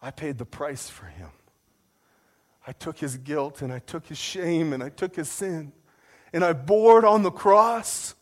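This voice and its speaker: At a measured pace, this pastor shares a personal anecdote in his sermon, poking fun at himself and leaping into a high voice to act out his own indignation.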